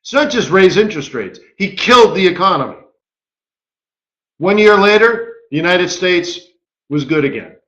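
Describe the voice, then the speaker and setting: A man hosting a live trading webinar, animated and full of rhetorical questions. His voice is bright and fairly high for a man. The room echoes noticeably around him. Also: moderate pace, pauses often, dull audio. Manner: animated, rhetorical, keeps asking "right?". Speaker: market strategist hosting a webinar.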